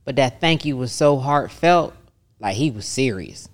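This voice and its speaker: A woman's voice: rumbling low, expressive, unhurried. A middle-aged woman, a massage therapist, talks casually in an interview and animatedly acts out the voices of the people she quotes.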